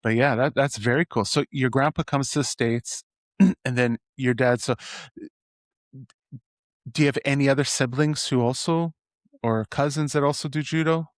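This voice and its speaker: A man's voice: medium pitch, steady tone, normal speed, pauses often, no echo, clean studio sound. Rambling, enthusiastic man from Edmonton. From Edmonton, Canada. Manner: rambling, enthusiastic, many restarts. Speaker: podcast host. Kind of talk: casual interview.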